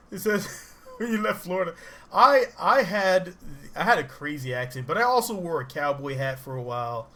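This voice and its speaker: A man giving casual, rambling game commentary, excitable and laughing often as he plays. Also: a little high, moderate pace. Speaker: gaming channel host. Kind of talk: casual let's-play commentary.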